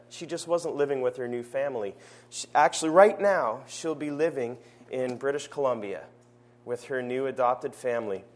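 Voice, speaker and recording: A man preaching a sermon in a church service, earnest, slowing down to stress his key phrases. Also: mid-range voice.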